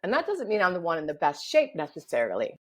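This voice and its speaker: A woman with a low voice guides listeners through a breathing exercise with calm, slow instruction. She then explains breathwork on a podcast. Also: breathy edge, poor audio. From United States. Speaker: breathwork facilitator guest.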